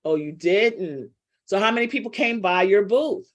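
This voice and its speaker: A woman's voice: medium pitch, expressive, moderate pace. Woman, middle-aged, business coach, casual, teasing, talks to students directly. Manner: chatty, teasing, calls on students by name. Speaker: business coach teaching a live class. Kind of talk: casual live online class.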